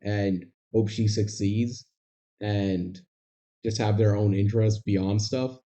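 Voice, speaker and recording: A man's voice: fairly low pitch, fairly even intonation, takes it slowly, mellow. A young man co-hosting a podcast, talking over movie logic in a wry, rambling, analytical way. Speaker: podcast co-host. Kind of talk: casual movie discussion. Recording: dull lo-fi sound.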